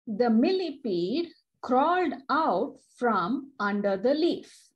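A woman with an Indian English accent reading a story aloud to children and explaining the pictures gently. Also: a little high, animated, slow, lo-fi sound.

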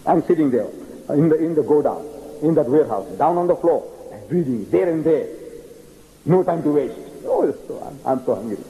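Animated male storyteller in an echoey hall. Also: on the high side, fairly quick, a little hiss or hum. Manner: animated storyteller, acts out dialogue. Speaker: lecturer on comparative religion. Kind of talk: public lecture with storytelling.

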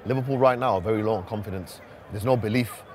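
A man's voice: on the low side, quick pace, some chatter behind. A man co-hosting outdoors, chatty and laughing as he tells stories and debates football. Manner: chatty, laughs often, storytelling. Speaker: co-host. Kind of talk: casual banter. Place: outdoors near a stadium.

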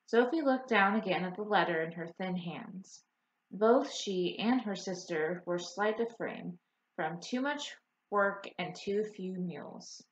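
A woman narrating an audiobook chapter in a measured storytelling manner. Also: mid-range voice. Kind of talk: scripted narration. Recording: roomy, slightly dull audiobook recording.

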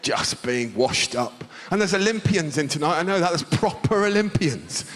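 Loud, high-voiced stand-up comedian. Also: male voice, lively intonation, moderate pace. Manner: loud, exclamatory storytelling. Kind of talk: live stand-up set. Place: large theatre stage. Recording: live theatre crowd and noise.

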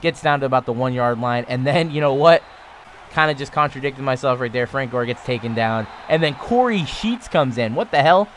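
A man in his twenties casually commentating on his own football video game, getting louder and higher on big plays. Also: a little fast, a little hiss or hum. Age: 20s. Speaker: gaming YouTuber.

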